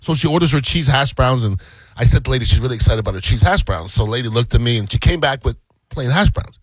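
A man's voice: mid-range voice, expressive, fast, dry recording, poor audio. A man chatting casually as a co-host, blunt and emphatic, acting out the quotes in his stories. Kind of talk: casual chat.

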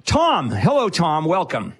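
Radio call-in host guy, blunt and jokey, highish voice that jumps around. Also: huge pitch swings, breathy edge. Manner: blunt, quick, wisecracking. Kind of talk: call-in advice show.

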